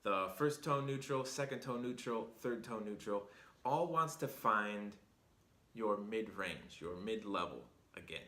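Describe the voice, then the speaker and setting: A man's voice: fairly low pitch, a little slow, a bit bright. A man hosting a language lesson, patiently explaining things step by step. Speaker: Chinese teacher and host. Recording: roomy echo.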